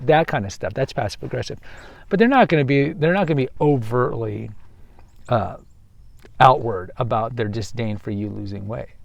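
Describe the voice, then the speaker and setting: A man's voice: mid-range voice, gravelly, darkish tone, no room sound. A man with a Texan accent hosting a podcast, talking emphatically outdoors on a walk and often restarting his phrases. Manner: emphatic, self-correcting, acts out quoted voices. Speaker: podcast host. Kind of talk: outdoor monologue. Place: outdoors on a waterfront path.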